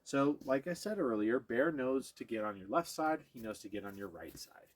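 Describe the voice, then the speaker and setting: A man with a medium-pitched, animated voice talks at a moderate pace. He runs a hands-on dog training session for viewers, explaining each step and occasionally breaking off to coax or praise the dog.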